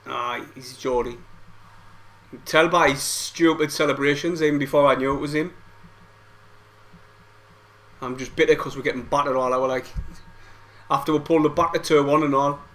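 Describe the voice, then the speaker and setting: A man's voice: fairly high pitch, fairly even intonation, moderate pace, pauses often, a bit bright. A young man reacting to a football match live, frustrated and swearing, full of banter. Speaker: football fan streamer. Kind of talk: live match watch-along commentary.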